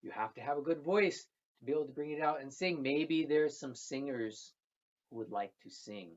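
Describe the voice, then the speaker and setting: A storyteller speaking slowly and gently, repeating phrases while telling a traditional tale to children. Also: medium pitch. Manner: slow, gentle and repetitive, with soft trailing phrases. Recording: dull lo-fi recording.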